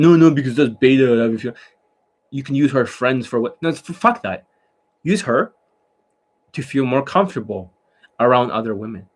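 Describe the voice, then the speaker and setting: A man giving a casual coaching talk on dating, blunt and profane, who keeps checking in with the listener through rhetorical questions. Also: medium pitch.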